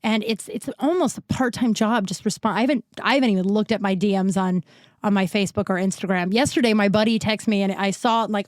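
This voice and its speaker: A woman's voice: medium pitch, dry recording, studio quality. A woman hosting her own podcast while sick and tired, talking in a rambling, candid way, often breaking off mid-sentence and swearing casually. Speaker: podcast host. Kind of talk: casual solo podcast chat.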